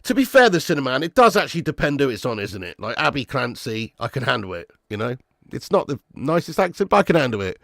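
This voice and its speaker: A man hosting a live football watch-along, calling the play and reading chat, excitable and swearing freely. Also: mid-range voice, fast, gravelly, no echo, clean studio sound. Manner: excitable, swears, jumps from play calls to chat shout-outs. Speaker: fan channel host.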